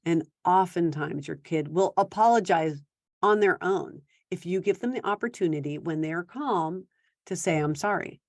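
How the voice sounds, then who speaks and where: Brief: woman parenting coach, lowish voice, dry close sound, chatty teaching tone. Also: a little mellow, no echo. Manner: conversational, acts out quick quoted exchanges. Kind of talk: instructional talk to parents.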